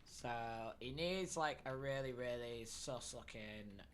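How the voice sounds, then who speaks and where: A man's voice: medium pitch, lively intonation, slow, slight background noise. A young man streaming live, chatting casually and thinking aloud while building a character.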